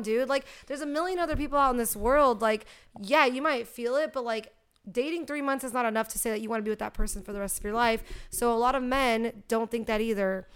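A woman's voice: a little high, smooth. A young woman co-hosting a podcast, talking in a blunt, profane and jokey way. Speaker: podcast co-host. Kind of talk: casual chat.

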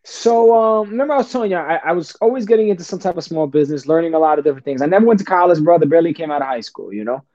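A man's voice: a little high, lively intonation, racing, hardly any pauses, dark tone, no room sound, lo-fi sound. A middle-aged man with a Bronx accent, a podcast guest talking bluntly and profanely in casual street slang. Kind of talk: casual interview talk.

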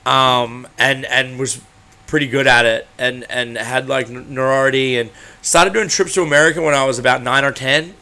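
A man's voice: mid-range voice, fairly even intonation, normal speed, sharp tone. A man, a snowboarder and podcast guest, talking in a laid-back, rambling way with loose slang. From Australia. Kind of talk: casual interview chat.

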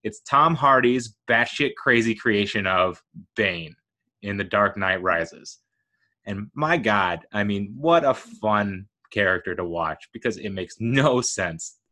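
Young male podcast host, lower-pitched voice, chatty and excitable, rambles through his thoughts. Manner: rambling and excitable, many fillers. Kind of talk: solo podcast monologue.

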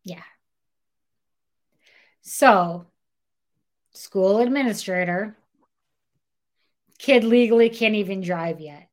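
A woman's voice: mid-range voice, slow pace, pauses often. A young woman hosting a podcast, retelling a true-crime story in a casual chatty way and acting out the quoted lines. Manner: animated, acts out quotes in dialogue, says "like" a lot. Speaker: podcast co-host.

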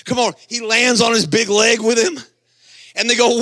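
A middle-aged male pastor preaching a sermon, telling animated stories and shouting at the high points. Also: normal speed. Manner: animated storytelling, shouting at peaks.

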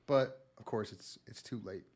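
A man on a podcast recapping an anime with deadpan humor, sometimes putting on loud silly voices. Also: fairly low pitch, normal speed, husky. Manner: deadpan storytelling, bursts into loud mock voices. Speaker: podcast host. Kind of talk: casual comedic anime recap.

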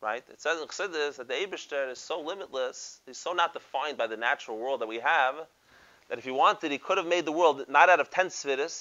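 A rabbi gives a Torah lecture in a bright, slightly high voice. He peppers his with Hebrew and Yiddish terms and keeps checking in with rhetorical questions. The recording sounds a bit dull and lo-fi. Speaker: rabbi teaching a class.

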